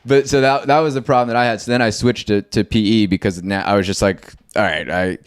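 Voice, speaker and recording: A man's voice: mid-range voice, fairly even intonation, fast, clear, resonant tone, no room sound, clean studio sound. A man hosting a casual conversation, rambling and telling stories animatedly with lots of fillers. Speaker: host.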